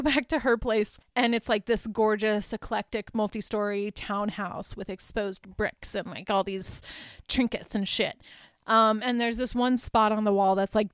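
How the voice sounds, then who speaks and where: Chatty woman with a smooth, dry voice. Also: mid-range voice, no room sound. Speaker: podcast host. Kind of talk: casual movie recap.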